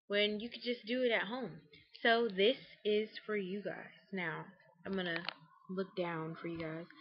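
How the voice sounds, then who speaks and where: A young woman vlogging a casual how-to tutorial at home, chatty, with lots of fillers like "um" and "like". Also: medium pitch. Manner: chatty, with many fillers and acted quotes. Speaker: beauty vlogger. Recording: dull lo-fi webcam audio.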